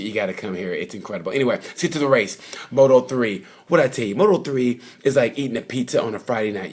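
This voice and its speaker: A man's voice: fairly low pitch, darkish tone, slightly rough. A man casually recapping motorcycle races in a rambling, chatty way, full of fillers and asides. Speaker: vlogger reviewing motorcycle races. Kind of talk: casual off-the-cuff race recap. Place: at the race circuit.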